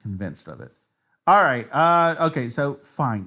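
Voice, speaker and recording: Slow-talking, foul-mouthed tipsy man. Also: medium pitch, big pitch swings, sharp tone. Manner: profane trash-talking, rambling and self-mocking. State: tipsy from drinks. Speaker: chess streamer. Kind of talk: casual live-stream commentary.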